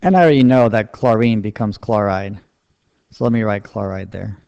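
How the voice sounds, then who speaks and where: A man's voice: lowish voice, moderate pace, vocal fry, dark tone, smooth, no room sound. A man explaining a chemistry lesson step by step in a patient, plain-spoken way while writing on a board. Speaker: chemistry teacher. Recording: dull lo-fi dry recording.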